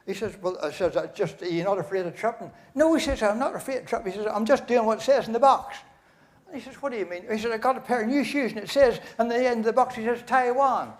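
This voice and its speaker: A man's voice: very high-pitched, quick pace, a little hiss or hum. An older man with a Northern Irish accent, compering a concert in a large church and telling jokes through a stage microphone, chuckling and rambling with many fillers and restarts. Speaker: master of ceremonies.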